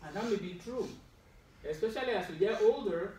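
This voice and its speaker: High-voiced man preaching in an echoey hall. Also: expressive, a little fast, dark tone, slight background noise. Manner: explains with medical detail, asks the audience questions, wry asides. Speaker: preacher giving a Friday sermon. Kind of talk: sermon. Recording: roomy echo, distant mic, faint ambience.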